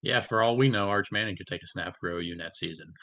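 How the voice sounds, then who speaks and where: A man's voice: deep voice, fast talker, pushed and bright. A man who is a guest on a casual sports podcast, stammering through restarts as he hedges his opinions.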